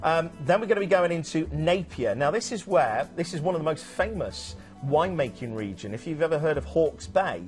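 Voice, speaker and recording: Man, cruise TV presenter, a bit high-voiced, chatty with lots of ums, music faintly behind. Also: expressive, a little fast, hardly any pauses. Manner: chatty, many ums and restarts. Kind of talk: enthusiastic travel sales chat.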